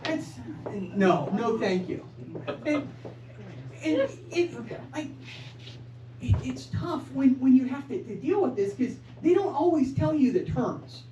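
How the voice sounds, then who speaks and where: A man's voice: very high voice, very animated, takes it slowly, dark tone, highs cut off, a little hiss or hum. A man performing a stand-up comedy set in a small club, stammering and repeating words in a self-mocking way, with the audience laughing behind him. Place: small improv club stage. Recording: roomy live club sound from far off.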